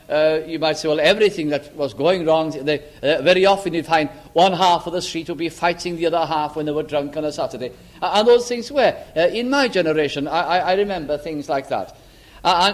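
Older male preacher, high voice, earnest questioning delivery with hushed emphasis. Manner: earnest, questioning, drops to a hush on key lines. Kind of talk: sermon.

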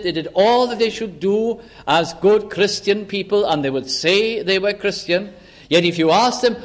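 A man preaching a sermon, who explains scripture and acts out little dialogues between characters. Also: high voice.

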